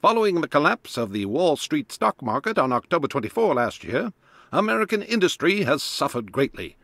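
A man's voice: a little high, big pitch swings, brisk, fairly bright tone, dry recording, heavily acted. A man voicing a formal 1930s news announcer reading headlines in a game. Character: 1930s male newsreader, formal. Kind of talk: period newspaper reading.

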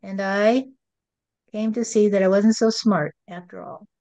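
A woman working as a medium, speaking for a spirit in a slow, rhyming, preachy monologue that keeps asking "you see". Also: medium pitch, fairly even intonation, warm tone, muffled recording.

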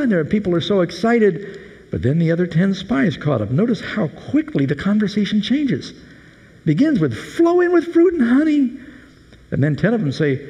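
A male preacher with a fairly high, very lively voice, telling the story with humor and lots of animation. His sermon rings out with long reverb in a large hall. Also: moderate pace. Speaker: pastor.

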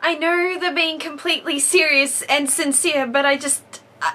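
A woman's voice: sits high, fairly even intonation, normal speed, sharp tone. A woman vlogger talking to camera in a casual comedic monologue, wry and playfully sarcastic.

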